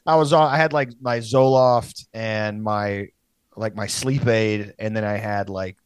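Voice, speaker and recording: A man's voice: on the low side, fairly even intonation, measured pace, clean tone, no echo. A young man telling a rambling, profane story in casual podcast chat, laughing as he goes.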